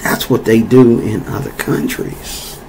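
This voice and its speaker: A man's voice: fairly low pitch, huge pitch swings, unhurried, gravelly, darkish tone, slight background noise, low-quality recording. Rambling, heated American man ranting. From United States. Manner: rambling, repetitive, heated with frequent fillers. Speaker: vlogger. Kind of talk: political opinion rant.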